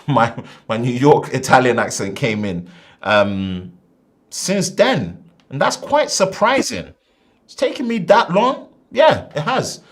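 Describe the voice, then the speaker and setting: Animated, slangy man live-streaming. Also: a little high, takes it slowly. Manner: animated and slangy, swinging between loud bursts and quiet asides. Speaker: tech reviewer hosting a live stream. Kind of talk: casual live-stream chat.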